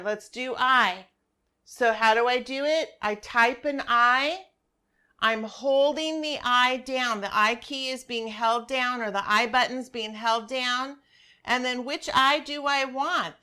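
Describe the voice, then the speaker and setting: Slow, patient woman teacher. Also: a little high, pushed and bright, smooth. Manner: patient, repeats instructions step by step. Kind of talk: screen-share class walkthrough.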